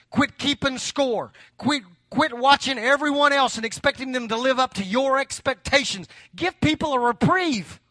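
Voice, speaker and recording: High, bright-voiced preacher man. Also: no room sound. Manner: preaching with rising fervor, telling personal stories. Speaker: pastor. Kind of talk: sermon.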